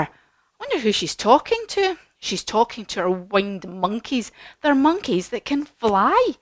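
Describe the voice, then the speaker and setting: A woman teaching a children's yoga class as a story, lively, encouraging and sing-song. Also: a little high, a little slow, dry recording.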